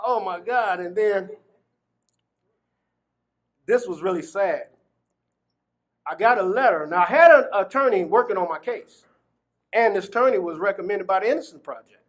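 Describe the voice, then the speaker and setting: High-voiced man telling his story. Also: normal speed, long pauses. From Gary, Indiana. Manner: animated storytelling, acting out quoted dialogue and laughing between phrases. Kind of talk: personal testimony in an interview.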